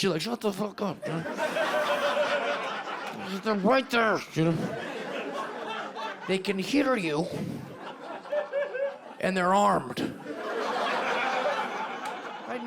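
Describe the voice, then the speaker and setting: A male stand-up comedian doing a brash, profane set, slipping into quick character voices. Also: extremely high pitch, very noisy. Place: comedy club stage with live audience. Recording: live club set with loud crowd laughter. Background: audience laughing.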